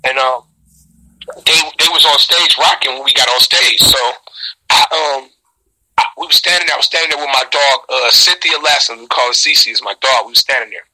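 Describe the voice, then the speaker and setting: Husky, very bright-voiced man telling stories. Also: a little fast, poor audio. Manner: animated and profane, reenacting quotes with sudden high shouts. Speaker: rapper. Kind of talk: storytelling in a casual interview.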